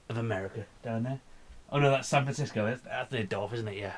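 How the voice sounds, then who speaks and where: A man's voice: medium pitch, brisk, a bit bright. Rambling, cursing man ranting on a vlog. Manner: profane, rambling, slurring and mumbling. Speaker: vlogger. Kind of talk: drunken rambling vlog rant.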